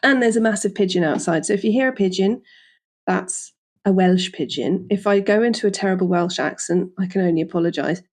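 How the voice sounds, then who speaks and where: A woman hosts a podcast in a chatty, joking way, talking in a voice of middling pitch. She is in a hotel room and wears a lapel mic. She often stops and corrects herself mid-sentence. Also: darkish tone. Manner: chatty and jokey, with quick self-corrections. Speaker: podcast host. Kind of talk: casual podcast chat.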